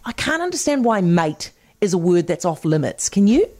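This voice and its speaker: A New Zealand woman hosting a talk radio panel, brisk, teasing and blunt. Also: lowish voice, very animated, a little mellow. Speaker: radio host.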